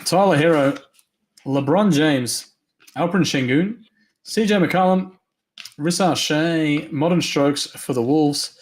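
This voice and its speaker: Man, card break host, slightly high voice, hoarse, quick upbeat name calling. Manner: rattles off names quickly, upbeat. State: losing his voice. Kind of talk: live card break commentary.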